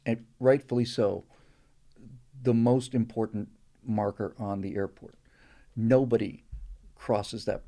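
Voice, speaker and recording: Man ranting sardonically on a live stream. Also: mid-range voice. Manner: rambling, sardonic, gets heated and loud when ranting, mimics pilot radio calls. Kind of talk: casual monologue and rant.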